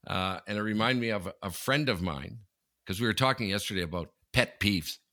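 Rambling man, bright and dry. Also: on the low side, a little fast, no echo. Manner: rambling storyteller, many restarts. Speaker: podcast co-host. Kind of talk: casual chat. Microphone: headphones on video call.

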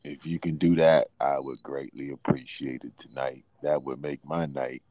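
A man's voice: very deep voice, fairly even intonation, normal speed, dark tone, dry recording. A man hosting a casual live stream, loose and laughing as he coaxes callers to perform.

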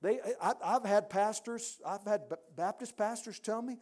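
Guy with a pretty high voice preaching in a church, gets loud then drops way down quiet. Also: normal speed. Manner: emphatic, swings between loud peaks and quiet drops. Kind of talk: sermon.

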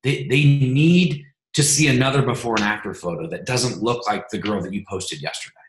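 A man hosting a team coaching call, motivational and energetic, often repeating his words as he builds up. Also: mid-range voice, moderate pace, reverberant, a little hiss or hum, low-quality recording.

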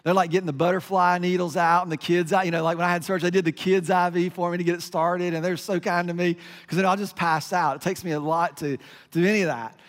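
A man's voice: high voice, fairly even intonation, fast, big-room sound. A middle-aged man, a pastor, giving a conversational sermon with self-deprecating stories and lots of fillers.

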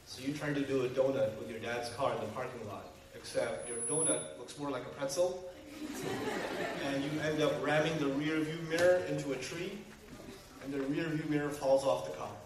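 A man preaching a sermon to a live audience, animated and full of rhetorical questions aimed at the listeners. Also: medium pitch, normal speed, a little hiss or hum. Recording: very echoey hall, mic far off, faint ambience.

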